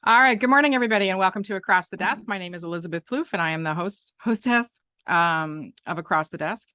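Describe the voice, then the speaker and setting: Low-pitched lady hosting a chat show, rambles a lot, very dry sound. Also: quick pace, sharp tone, no room sound, faint music behind. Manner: chatty, rambling with frequent restarts and fillers. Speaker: podcast host. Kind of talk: casual chat.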